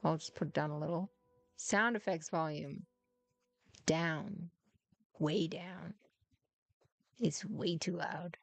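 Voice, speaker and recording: A woman's voice: deep voice, takes it slowly, vocal fry, long pauses, no room sound, faint music behind. A woman chatting casually through her gameplay, teasing and muttering to herself as she plays. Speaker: gaming streamer.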